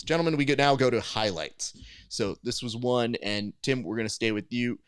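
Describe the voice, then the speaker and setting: A man hosting a jiu-jitsu panel show, telling stories in an animated, self-mocking way. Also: mid-range voice, moderate pace, clear, resonant tone, no echo, studio quality. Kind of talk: casual panel chat.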